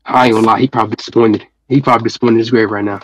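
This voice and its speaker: A man's voice: lowish voice, steady tone, very fast, a bit bright, slight background noise. A man calling into a live stream, talking casually and rambling with many fillers and restarts. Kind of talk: casual comedic call-in. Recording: muffled dry call audio.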